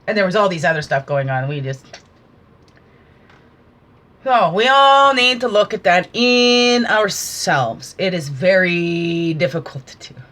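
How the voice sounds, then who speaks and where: A woman's voice: fairly low pitch, measured pace, fairly bright tone. A woman talking through an oracle card reading, giving casual, earnest spiritual guidance with preachy asides.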